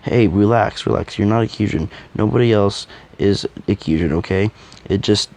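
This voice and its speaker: A man's voice: on the low side, normal speed, creaky, a little mellow. A man voicing a wry, teasing young male companion who talks in an easygoing way in a fan audio drama.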